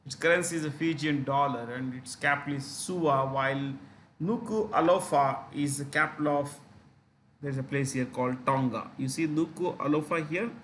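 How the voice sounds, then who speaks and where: A man's voice: fairly high pitch, moderate pace, a bit bright, slight background noise. A man with an Indian English accent giving an exam-prep lecture, explaining step by step with many fillers and repeated key terms. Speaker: teacher.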